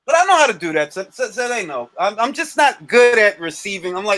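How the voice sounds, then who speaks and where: A man with a high, bright voice talks boxing on a casual livestream. His pitch swings widely and he repeats points for emphasis. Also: a little fast, no room sound. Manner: animated, repeats himself for emphasis. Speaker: boxing show co-host.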